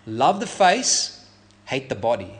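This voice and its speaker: A man's voice: medium pitch, big pitch swings, slow pace. A man preaching a sermon as a pastor, emphatic, asking the congregation rhetorical questions.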